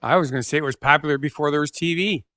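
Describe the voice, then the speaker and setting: A man's voice: on the high side, rapid-fire, fairly bright tone. A man co-hosting a casual talk show, giving laid-back, dry replies while tasting snacks. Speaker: podcast co-host. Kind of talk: casual chat.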